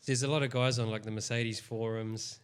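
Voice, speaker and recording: A man's voice: mid-range voice, fairly even intonation, brisk, smooth. A man on a podcast, making matter-of-fact points about cars with dry quips. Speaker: podcast co-host. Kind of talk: casual chat.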